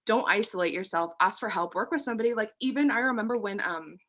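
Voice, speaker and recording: A woman's voice: mid-range voice, fast, fairly bright tone. A young woman, out of breath, giving a chatty team pep talk, full of fillers and casual swearing. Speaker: team leader. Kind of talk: casual motivational team chat.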